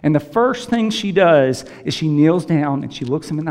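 High-voiced man preaching in a reverberant hall. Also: expressive, normal speed, a little mellow. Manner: earnest preaching, repeats phrases for emphasis. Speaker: pastor. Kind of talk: sermon. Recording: long reverb of a large hall.

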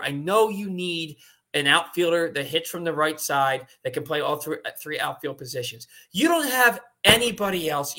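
A man's voice: a little high, pushed and bright. A man co-hosting a casual sports talk show, ranting with exasperated emphasis. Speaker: podcast co-host.

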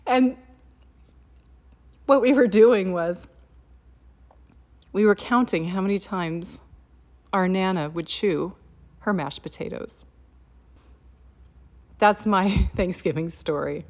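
A middle-aged woman, telling a holiday story in a casual, animated way. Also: takes it slowly, pauses often. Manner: animated, laughing, rising in pitch on quoted lines. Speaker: guest sharing a holiday memory. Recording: dull lo-fi sound.

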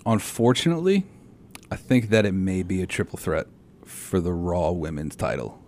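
A man co-hosting a casual talk show and giving quick, joking opinions. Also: sits low, lively intonation, a little mellow, a little hiss or hum. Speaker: podcast co-host. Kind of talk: casual wrestling chat.

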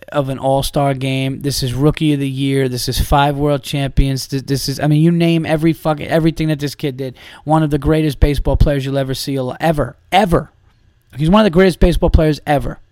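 A man's voice: mid-range voice, a little mellow, no room sound, studio quality. A man hosting a comedy podcast, ranting in a heated, profane, emphatic way.

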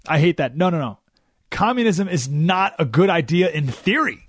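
Radio talk guy ranting, voice jumps all over, kinda high, super dry studio sound. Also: moderate pace, slightly rough, dry recording. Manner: animated, emphatic, sarcastic. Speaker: radio talk show host. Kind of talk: opinionated radio monologue.

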